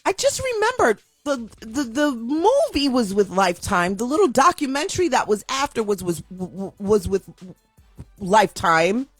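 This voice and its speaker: A woman with a high voice rants in an emotional vlog, her pitch swinging widely as she repeats herself and restarts her sentences. She sounds upset and heartfelt throughout. The recording is dry and close, with faint music behind her. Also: sing-song, normal speed, no room sound. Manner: impassioned, repetitive ranting with many restarts. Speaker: video commentator.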